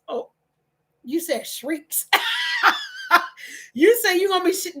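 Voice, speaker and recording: Emphatic high-voiced woman giving advice. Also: a bit bright. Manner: emphatic and preachy, with repeated phrases. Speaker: host of a relationship talk channel. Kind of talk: live-stream advice talk reading viewer comments.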